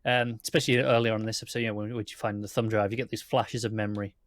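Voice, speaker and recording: A man's voice: on the low side, little pitch movement, racing, no room sound, clean studio sound. A man with a British accent chatting casually as co-host of a TV review show, agreeable and thinking aloud. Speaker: podcast co-host.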